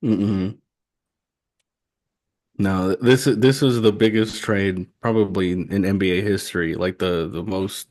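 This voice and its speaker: A young man co-hosting a casual sports podcast, telling animated stories and laughing often. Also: low-pitched. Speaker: podcast co-host. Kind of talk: casual chat.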